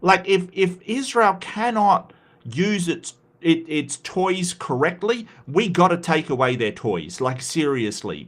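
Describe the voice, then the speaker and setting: A man's voice: fairly high pitch, big pitch swings, slow pace, fairly bright tone. An Australian man hosts his own livestream in a loose, casual way. He talks with heated conviction and often trips over his words, restarting and repeating himself as he pushes his point. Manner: impassioned, repetitive restarts. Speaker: livestream host.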